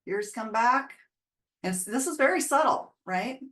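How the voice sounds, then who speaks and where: This is a woman dog trainer's casual narrated video breakdown about dog body language, spoken over clips. Her voice sits on the high side, expressive and fairly bright, at a moderate pace, and she's chatty and explanatory, putting on quoted dog voices.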